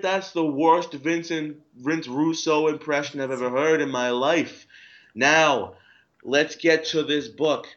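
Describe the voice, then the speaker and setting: A man's voice: on the high side, fairly even intonation, slow pace, fairly bright tone. A man hosting a podcast in casual chat, crude and joking, rambling with fillers. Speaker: podcast host. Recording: dull lo-fi recording.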